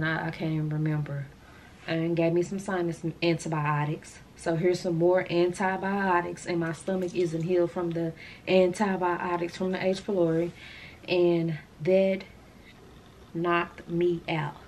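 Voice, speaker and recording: A woman talks straight to her camera in a loose, rambling vlog style, calling her viewers y'all. Her voice sits a little low. A faint hiss runs under the recording. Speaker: vlogger. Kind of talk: casual chat to camera.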